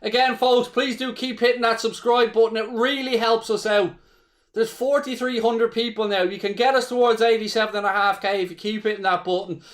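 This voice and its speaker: Hosting a live football watchalong, this man from Ireland talks fairly quickly in a high voice with a steady tone. He calls the action as a fan, curses without restraint, and chats with his viewers.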